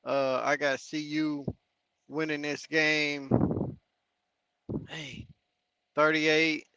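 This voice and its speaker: A man with a bright, crisp, flat-toned voice talks quickly and upbeat as a sports panelist. His remote audio sounds dry and a bit dull. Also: fairly high pitch, no room sound. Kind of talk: casual sports chat.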